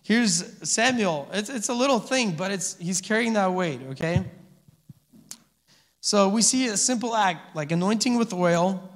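Male pastor, high voice, chatty sermon style, echoey church hall. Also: a little slow. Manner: conversational preaching with frequent "amen?" and "okay?" checks. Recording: reverberant hall.

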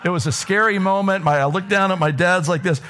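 A pastor preaching from the front of a church, his voice pitched a little higher than most men's. He tells his stories with energy, climbing high for emphasis and then sinking to a near whisper. His delivery is lively and conversational. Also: fairly quick. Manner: animated storytelling with wide swings in pitch, dropping to whispers. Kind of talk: sermon. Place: church sanctuary.

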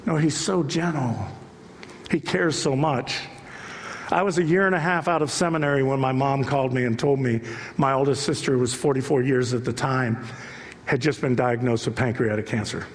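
Animated male pastor in a reverberant hall. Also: on the high side, normal speed. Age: middle-aged. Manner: storytelling, rises to loud animated peaks. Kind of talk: sermon. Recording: long reverb of a large hall.

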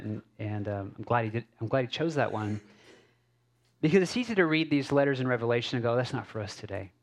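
A male pastor giving a conversational sermon in a small church, casual and halting with many fillers and restarts. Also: mid-range voice.

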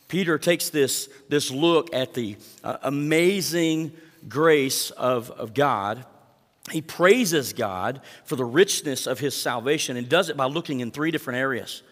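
A pastor giving a sermon, reading verses and explaining them with emphatic rises and asides to the congregation. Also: male voice, fairly high pitch, in a large hall.

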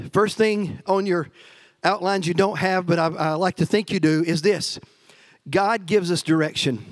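A male pastor preaching a sermon with emphatic, energetic delivery and playful asides to the congregation. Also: a little high, no room sound.

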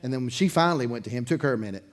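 A man preaching a sermon as pastor in his church, telling a story in a loose, conversational way, chuckling between sentences and swinging from loud bursts to quiet asides. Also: medium pitch, expressive, very fast. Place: church sanctuary, in front of a congregation.

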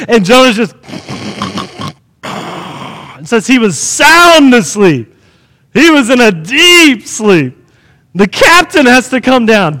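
A man preaching a sermon in an animated way, acting out the scenes he tells. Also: extremely high pitch, slow, long pauses, long reverb tail.

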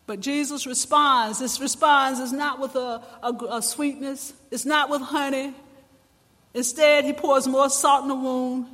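High-voiced impassioned man preaching. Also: fairly even intonation, measured pace. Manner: impassioned preaching, rising to shouts. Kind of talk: sermon. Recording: long reverb in a large hall.

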